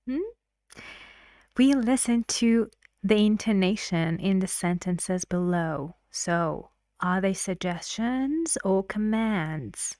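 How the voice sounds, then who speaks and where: A woman teaching intonation at a slow, deliberate pace, echoing short phrases back so learners can copy them. Her voice is dry and close, with no room sound around it. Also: mid-range voice, lively intonation, a little mellow. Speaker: English teacher. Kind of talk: intonation lesson, explaining clips.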